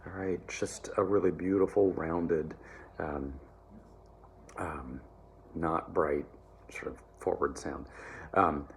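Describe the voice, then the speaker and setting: A man teaching German pronunciation to singers, relaxed and encouraging, often checking in with "all right?" and slowly modeling words. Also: a bass voice, vocal fry, a little hiss or hum. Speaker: choir diction coach. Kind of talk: German diction lesson for singers.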